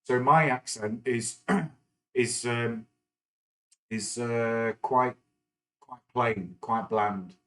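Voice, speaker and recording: A man's voice: medium pitch, extremely slow, pauses often, a bit bright, rough recording. A middle-aged man from England, chatting casually on a live stream and rambling with many fillers and restarts. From northern England. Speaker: stock market livestream host.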